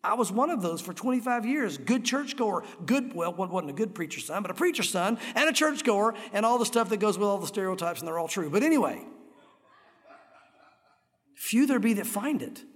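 Middle-aged male pastor, earnest and animated sermon delivery, echoey church hall. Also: high voice, fairly quick. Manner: earnest, animated, acts out crowd voices. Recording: echoey hall with long reverb.

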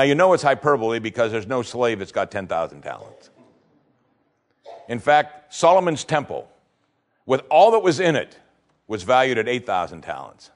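Man preaching with big pitch swings. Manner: preaching with wide swings in pitch, rising to emphatic questions. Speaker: pastor. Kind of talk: sermon.

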